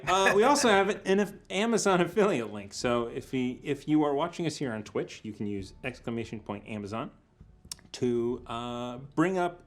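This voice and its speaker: A man running a tabletop game as dungeon master, chatting casually on a live stream with laughs and trailing fillers. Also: medium pitch.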